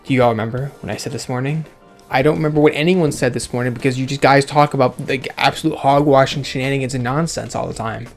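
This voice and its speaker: A man's voice: medium pitch, fairly even intonation, quick pace. A man giving casual, sarcastic commentary with frequent swearing as he reacts aloud to a game's dialogue. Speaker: let's play gamer. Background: faint game music.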